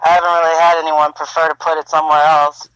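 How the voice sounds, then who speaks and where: A woman chatting casually as a podcast guest, laid-back and quick to laugh, swearing freely. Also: low voice, flat delivery, a bit bright, clear, resonant tone, no room sound, poor audio. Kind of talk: casual chat.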